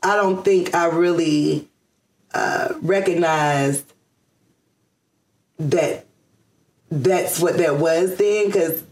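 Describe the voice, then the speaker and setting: A woman's voice: lowish voice, very slow, pauses often, darkish tone. A woman from Georgia in the US, chatting in a casual interview, rambling with many fillers and restarts and laughing often. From Georgia, USA. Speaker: interview guest. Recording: roomy echo.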